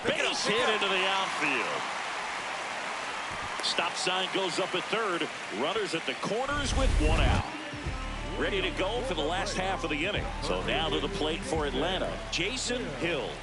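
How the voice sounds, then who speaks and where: A man calls baseball play-by-play for a video game, his voice pitched high and swinging widely in tone. He takes his time between calls. Loud game music plays underneath. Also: sing-song, unhurried. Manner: rises sharply on big hits. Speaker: play-by-play announcer.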